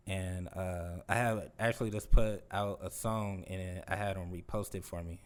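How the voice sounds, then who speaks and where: A young man, a rapper, talking casually in an interview in a laid-back, unhurried way, with many pauses. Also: deep voice, little pitch movement. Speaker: rapper guest.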